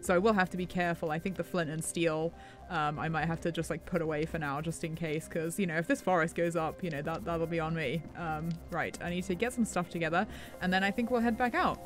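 A woman's voice: lowish voice, steady tone, a little fast. Wonder-struck woman role-playing a spooky woods story. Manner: breathless, wonder-struck, growing panicky. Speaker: Minecraft role-play creator. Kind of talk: in-character horror role-play narration. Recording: faint music underneath.

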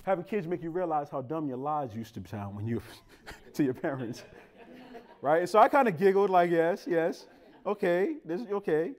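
A pastor whose voice runs a little high, at a normal speed, preaches with laughs drawn from his family life. The delivery is casual and colloquial, animated throughout, and aimed straight at the congregation.

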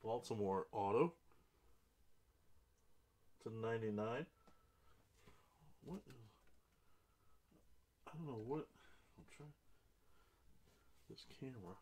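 A man hosting a live trading card break, reading out each card and buyer's name and bursting into excited exclamations over big hits. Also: medium pitch, slow pace, long pauses.

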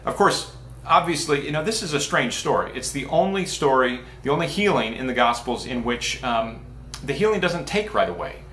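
Male pastor, relaxed chatty preaching, restarts often, roomy church sound. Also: mid-range voice, moderate pace, slight background noise. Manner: casual and talky, with many restarts and asides. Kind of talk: conversational sermon. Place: church sanctuary. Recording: echoey church room.

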